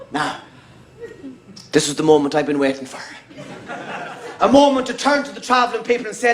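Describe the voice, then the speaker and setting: A man's voice: high-pitched, sing-song, a little fast, pauses often, a faint crowd. A middle-aged Irish man telling a stand-up story on stage, emphatic and profane. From Ireland. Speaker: stand-up comedian. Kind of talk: stand-up comedy routine. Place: comedy stage. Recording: echoey venue.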